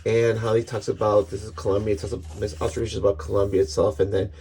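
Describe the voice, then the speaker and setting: A man's voice: on the low side, little pitch movement, fast talker, vocal fry, mellow, a little hiss or hum. A middle-aged man giving a casual, earnest comics book review, rambling with frequent restarts.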